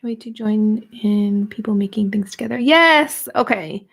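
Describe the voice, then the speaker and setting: A woman's voice: medium pitch, unhurried, husky. A woman in her thirties hosting a casual art journaling livestream, chatty and playful, greeting viewers as she works. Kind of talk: casual livestream craft demo.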